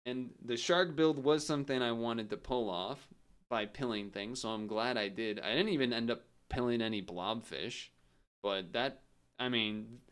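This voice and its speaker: A man's voice: medium pitch, a bit bright, smooth. A man streaming a game, chatting casually and rambling through a story with frequent chuckles. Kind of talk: casual gameplay commentary.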